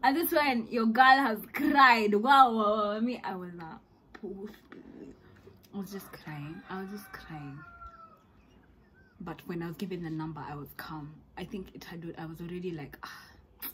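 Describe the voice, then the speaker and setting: A young woman with a Kenyan accent telling a story to camera as a vlogger, animated and dramatic, mixing in Swahili slang. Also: mid-range voice, measured pace, low-quality recording. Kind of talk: storytime monologue.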